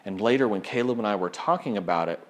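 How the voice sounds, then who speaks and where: A man preaching, telling a story in an animated way and acting out the people he quotes. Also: lowish voice, fast. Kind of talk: sermon storytelling.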